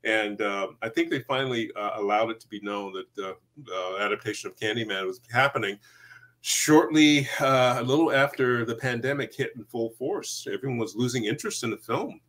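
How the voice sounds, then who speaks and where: A middle-aged man, an actor, telling stories in a casual interview, acting out quoted voices and laughing often. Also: fairly quick. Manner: animated, acts out quoted voices with big pitch jumps; laughs often while talking. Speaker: actor guest.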